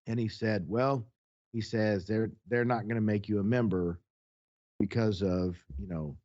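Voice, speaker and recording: A man's voice: on the low side, fairly even intonation, unhurried, darkish tone, dull audio. A man co-hosting a podcast, telling a long personal story in casual chat, acting out the exchanges, blunt and profane. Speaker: podcast co-host.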